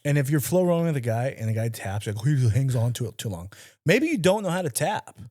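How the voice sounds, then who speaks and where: A man's voice: medium pitch, big pitch swings, brisk, a little mellow. A man co-hosting a casual podcast, blunt and emphatic, swearing freely and giving direct instructions like a coach. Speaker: podcast co-host. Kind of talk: casual chat.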